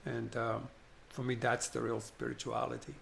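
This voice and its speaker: A man's voice: medium pitch, moderate pace, vocal fry, slight background noise. A man eagerly retelling a film scene in conversation, acting out the parts and asking rhetorical questions. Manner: animated, acts out scenes, many rhetorical questions.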